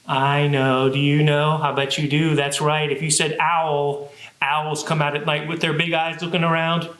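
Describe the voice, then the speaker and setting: A man's voice: a little high, little pitch movement, normal speed, a bit bright, echoey room. A man who is a children's librarian, leading a cheerful sing-song music and movement session for young kids.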